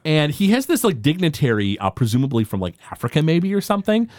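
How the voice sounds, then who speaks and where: A man's voice: a little high, sing-song, fast talker, darkish tone, dry recording, clean studio sound. A man co-hosting a podcast, rambling through an episode recap with lots of filler words. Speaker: podcast co-host. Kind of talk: casual recap chat.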